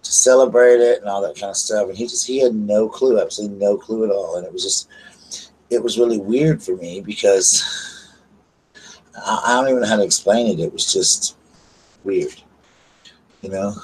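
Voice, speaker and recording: A man's voice: lowish voice, normal speed, pauses often, a little mellow, breathy edge, rough recording. A man hosting a casual live chat from his bedroom, affectionately greeting viewers by name and talking about his day. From US South. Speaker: channel host. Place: bedroom at home.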